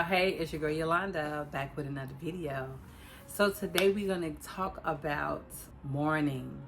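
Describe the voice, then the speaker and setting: A woman from Chicago speaks in a lowish voice, casually addressing her viewers in a personal vlog. She is emotional and fighting back tears as she talks. Soft music plays faintly beneath her voice. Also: creaky. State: close to tears. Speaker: vlogger. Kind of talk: casual personal talk to camera.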